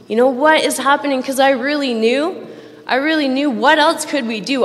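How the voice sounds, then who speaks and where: A woman's voice: on the high side, a bit bright, a little hiss or hum. A woman giving a candid personal recovery testimony at a roundup, self-mocking and laughing between lines, speaking into a stage microphone. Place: large event hall. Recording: long hall reverb.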